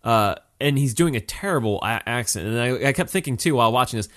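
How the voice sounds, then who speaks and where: A man co-hosts a loose film review conversation at an ordinary middle pitch. He rambles, stacks fillers and restarts his sentences as he thinks aloud. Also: expressive, quick pace, a bit bright. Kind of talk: casual movie review chat.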